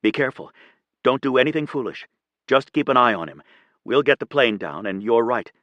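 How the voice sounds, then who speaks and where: A man voicing a steady female airline captain with military past, speaking quietly, kindly and firmly. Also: mid-range voice, fairly quick, dry recording, muffled recording, natural voice. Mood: calm. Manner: quiet, kind and firm.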